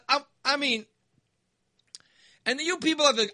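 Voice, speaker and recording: A man's voice: very high-pitched, big pitch swings, fairly quick, long pauses, pushed and bright, no room sound, studio quality. A man ranting casually, exasperated and sarcastic, sounding fired up. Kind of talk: casual opinion rant.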